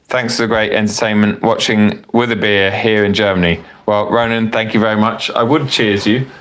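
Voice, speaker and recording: A man's voice: lowish voice, steady tone, normal speed, fairly bright tone. A man hosting a casual live Q&A about cars, chatting in a rambling, self-correcting way and a little tipsy from wine. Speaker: car vlogger hosting a live Q&A. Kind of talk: casual live-stream chat reading viewer comments.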